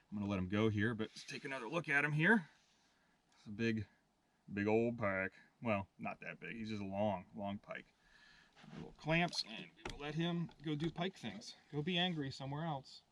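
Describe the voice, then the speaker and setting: A man giving casual, slangy running commentary while fishing from a boat on a remote lake, laid-back and quick to get excited over a catch. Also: medium pitch. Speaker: outdoor vlogger and angler. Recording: distant voice over loud outdoor noise.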